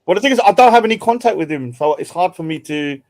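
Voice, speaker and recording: A man speaking quickly and earnestly in a heated online panel debate, often repeating words as he builds a point. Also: sits high, dry recording. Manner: rapid, earnest, repeats words when excited.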